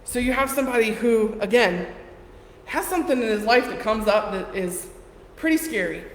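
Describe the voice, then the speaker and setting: A woman's voice: fairly high pitch, moderate pace. A woman preaching a sermon in a conversational way, playfully acting out the Bible figures in short bursts. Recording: echoey hall with long reverb and faint noise.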